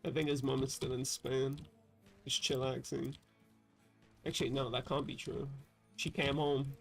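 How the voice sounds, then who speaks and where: A man's voice: medium pitch, little pitch movement, a little slow, vocal fry, faint music behind. A man from England, chatting casually and profanely on a livestream while reading chat aloud. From southern England. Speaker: livestream host.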